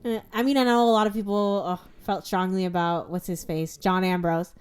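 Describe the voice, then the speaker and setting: A chatty woman in her twenties talks casually about movies with a friend. Her speech wanders and circles back, packed with fillers. She sits at a middle pitch for a woman. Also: a little fast, clear, resonant tone. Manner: chatty, rambling, many fillers. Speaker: podcast co-host. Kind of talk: casual chat.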